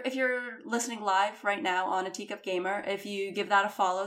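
A woman with an American accent hosting a casual podcast, swearing freely and laughing often. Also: medium pitch. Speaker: podcast host.

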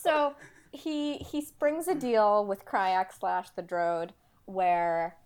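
A woman co-hosting a casual book podcast. She recaps the story in a halting way, with many ums and likes. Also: medium pitch, steady tone, a little mellow, clear, resonant tone. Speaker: podcast co-host.

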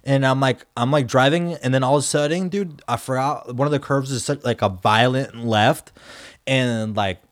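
A man's voice: mid-range voice, moderate pace. A man, co-hosting a podcast and telling a story in a rambling, slangy way with lots of fillers. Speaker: podcast co-host. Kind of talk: casual storytelling chat.

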